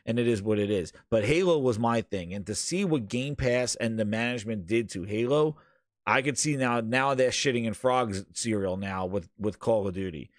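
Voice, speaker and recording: A man co-hosting a casual gaming podcast, ranting in an animated way and often talking over his co-host. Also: on the low side, moderate pace, no room sound, clean studio sound.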